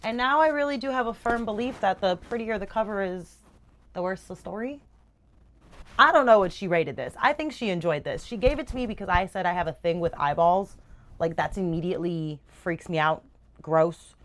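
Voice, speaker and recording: A young woman chats to camera about her reading in a casual, animated way. She gushes and swears freely, with an easy, chatty delivery. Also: on the low side, normal speed. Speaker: book reviewer. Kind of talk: casual chat.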